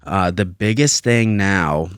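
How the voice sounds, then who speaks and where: A man's voice: low-pitched, takes it slowly, clear, resonant tone, no echo, studio quality. A man in his thirties hosting a casual solo podcast from his basement, rambling and swearing with frequent laughs. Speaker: podcast host. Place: home basement.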